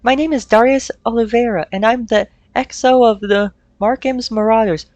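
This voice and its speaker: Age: adult. Figure: a woman voicing a steady male mercenary officer, somber and level. Pitch: fairly high. Sound: dry. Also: normal speed, dry recording, lightly acted. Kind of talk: reading game dialogue aloud.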